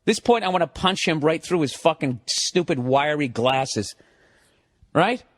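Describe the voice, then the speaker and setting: A man telling a story as a stand-up comedian, profane and ranting, building up to loud outbursts. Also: fairly high pitch, animated, measured pace.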